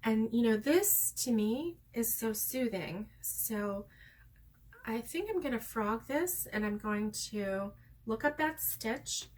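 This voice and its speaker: A middle-aged woman chatting casually to her viewers as a crochet vlogger, rambling and heartfelt with many pauses and ums. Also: fairly high pitch, lively intonation, a little mellow.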